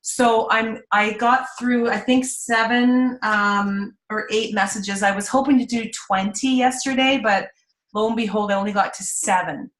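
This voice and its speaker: A woman's voice: on the high side, steady tone, unhurried, fairly bright tone, roomy sound, poor audio. A woman hosting a casual live video chat, talking in a chatty, upbeat way with plenty of "like" and "you know.". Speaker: host.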